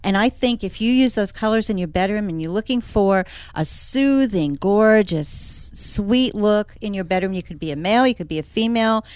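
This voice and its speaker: A woman's voice: medium pitch, lively intonation, moderate pace, few pauses, a little mellow, clear, resonant tone, no echo. A woman who works as an interior designer, chatting casually and with enthusiasm as a regular on a talk show. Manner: chatty, enthusiastic, laughs often. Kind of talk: casual radio chat.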